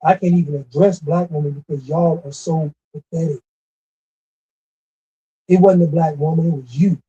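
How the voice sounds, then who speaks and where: A man's voice: fairly high pitch, fairly even intonation, normal speed, warm tone, husky. A man delivering a scolding, repetitive commentary rant with emphatic stresses. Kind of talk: ranting monologue. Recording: dull lo-fi recording.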